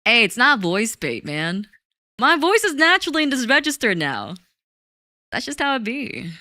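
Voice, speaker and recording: A woman's voice: on the high side, sing-song, normal speed, sharp tone, no echo, studio quality. A woman streaming live, chatting casually with her chat, giggly and talkative. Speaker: VTuber streamer.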